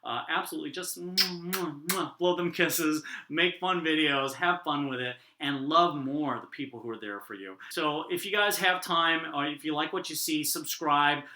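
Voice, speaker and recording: A man's voice: on the high side, normal speed, hardly any pauses, bright, forceful tone. A man who works as a business mentor and angel investor gives casual, upbeat advice to camera, chatty and full of fillers. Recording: roomy echo with faint guitar music.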